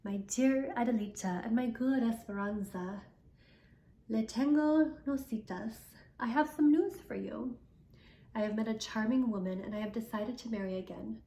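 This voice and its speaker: A grandmother reading a gentle merchant father. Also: fairly high pitch, moderate pace, roomy sound, lightly acted, poor audio. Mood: announcing. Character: gentle loving middle-aged male merchant father.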